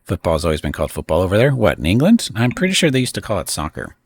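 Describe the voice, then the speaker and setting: A man's voice: low voice, huge pitch swings, very fast, husky. A middle-aged man streaming live, rambling through a games list with opinionated asides to chat. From United States. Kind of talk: casual live-stream commentary.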